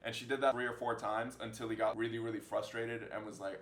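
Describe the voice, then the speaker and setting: A man's voice: medium pitch, steady tone, fairly quick, hardly any pauses, roomy sound. A man in his twenties answering fan questions in a casual vlog, rambling through funny stories and laughing at himself. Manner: joking, rambling storyteller who laughs at himself. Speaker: social media creator answering fan questions. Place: indoor room with a fill light.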